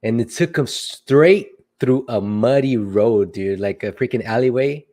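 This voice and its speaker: A young man who works as a delivery driver hosts a casual livestream, trading playful banter with viewers through slangy, sing-song greetings. His mid-range voice is dark-toned and unhurried.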